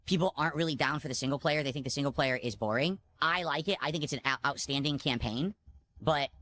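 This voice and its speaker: A man's voice: fairly high pitch, fast, pushed and bright, slight background noise. A man streaming games, talking bluntly and complaining in a monologue. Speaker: game streamer.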